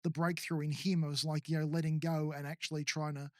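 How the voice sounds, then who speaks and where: A man co-hosts a casual podcast, rambling through his points with plenty of fillers. His voice sits notably high for a man. The recording is close and dry. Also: level tone, quick pace, dry recording. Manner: rambling, filler-heavy, laughs often. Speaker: podcast co-host. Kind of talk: casual chat.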